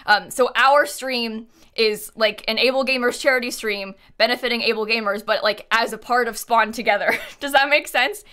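A woman's voice: on the high side, pushed and bright, smooth. A young woman live-streaming, chatting casually with lots of fillers and little laughs, reading out donations. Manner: quick, giggly, lots of fillers.

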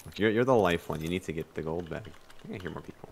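A man's voice: sits low, gravelly, a little hiss or hum. A young man chatting casually while playing a game, swearing often and laughing easily. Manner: profane, excitable, quick to laugh. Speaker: gamer. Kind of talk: casual gaming chat.

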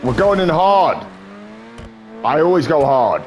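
A man's voice: on the high side, sing-song, slow, slight background noise. A man casually commentating his gameplay, joking, swearing and bantering with viewers. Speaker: gaming streamer.

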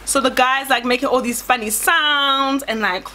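A young woman from South Africa telling a dramatic story in a chatty, animated way, often calling her viewers "guys". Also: high-pitched, normal speed, slight background noise. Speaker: vlogger. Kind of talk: storytime vlog.

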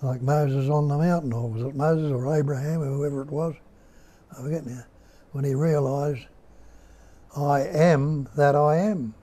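An older man with an Australian accent, giving a slow, musing spiritual talk at home and putting rhetorical questions to his listeners. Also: mid-range voice, steady tone, warm tone, husky. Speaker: spiritual teacher. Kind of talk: unhurried nondual teaching talk. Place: indoor room at home.

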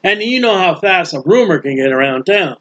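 A man teaching a Bible study sermon in a lively, animated way, playing out the voices of people in the story. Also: high voice, a little fast. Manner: animated, acts out bystanders' mocking voices. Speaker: preacher. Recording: dull lo-fi recording.

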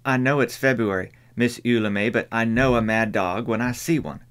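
A man's voice: medium pitch, moderate pace, fairly bright tone, smooth, lightly acted. A man voicing a stern older woman housekeeper, speaking urgently and emphatically.

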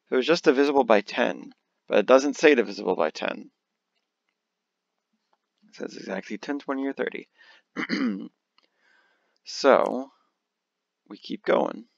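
A man's voice: on the low side, gravelly, no room sound, dull audio. A young man playing solitaire and commenting casually, muttering card sums to himself and breaking into bursts of exasperation. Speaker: let's play host.

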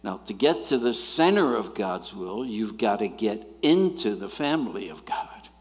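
A middle-aged man, preaching a sermon and telling stories in an animated way, swinging between loud and quiet. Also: lowish voice, measured pace. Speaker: guest preacher. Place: church sanctuary. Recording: church hall reverb.

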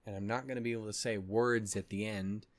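A fast-talking man with a fairly low, steady voice hosts an anime reaction channel, recorded with no echo. Tired and yawning, he's upset as he rambles, swears, and keeps restarting in casual reaction-vlog chatter.

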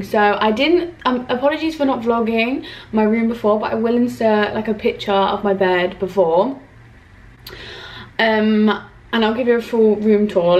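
A woman's voice: mid-range voice, a little mellow, far from the mic, rough recording. A young woman chats in a casual vlog, talking emotionally and rambling with many fillers. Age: young adult. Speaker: vlogger.

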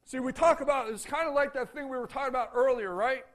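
A man's voice: extremely high pitch, fast. A man preaching a sermon as pastor in a church, emphatic and full of repeated rhetorical questions to the congregation. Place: church sanctuary.

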